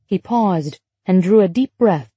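Husky-voiced woman narrating a story. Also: medium pitch, lively intonation, unhurried, warm tone, dry recording. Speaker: audiobook narrator. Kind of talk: scripted narration.

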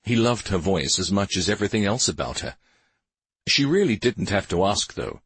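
A man narrating a fantasy audiobook in a measured, even reading. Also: lowish voice, slightly rough. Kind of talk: scripted narration.

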